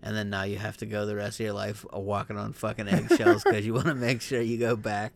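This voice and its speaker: A man's voice: lowish voice, animated, a little fast, creaky. A man hosting a podcast in casual chat, joking crudely and laughing often. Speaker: podcast host.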